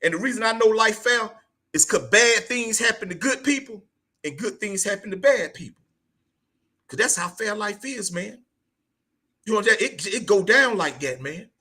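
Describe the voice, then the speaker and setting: A podcast host in middle age talks straight at the listener, with a voice that sits very high for a man and rings with a bright edge. He lectures in a loose, profane, preachy monologue, leaning on "man" and "you know what I'm saying" as he drives each point home. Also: animated, normal speed, pauses often. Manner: blunt, profane, preachy, repeats "man" constantly. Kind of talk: casual motivational monologue.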